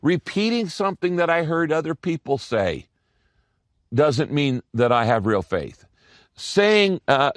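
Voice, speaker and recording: A man preaching a sermon as a pastor, teaching from scripture with an expressive, swinging delivery and sudden bursts of speed. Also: medium pitch, no echo, clean studio sound.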